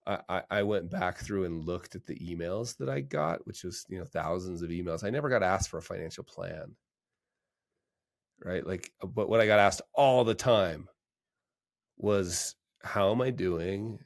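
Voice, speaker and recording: A man's voice: low-pitched, normal speed, vocal fry. A middle-aged man hosting a podcast interview, talking casually, restarting his sentences often and livening up when he retells stories. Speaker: podcast host, financial planner.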